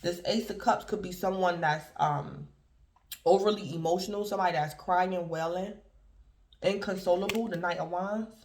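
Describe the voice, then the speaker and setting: A man's voice: high-pitched, moderate pace. A man giving a casual, rambling tarot reading to his viewers, addressing them again and again as "collective". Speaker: tarot reader. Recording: roomy echo.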